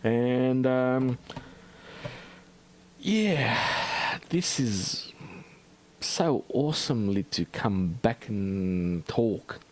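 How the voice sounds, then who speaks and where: An Australian man hosting a livestream in a rambling, halting chat full of fillers and restarts. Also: medium pitch, lively intonation, slight background noise. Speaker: livestream host.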